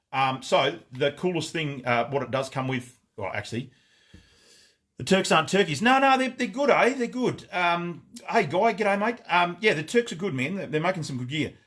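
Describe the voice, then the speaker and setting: Husky excitable man. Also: medium pitch. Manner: excitable, rambling, swears freely. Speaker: gun shop owner and livestream host. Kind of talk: casual live product showcase. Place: gun shop.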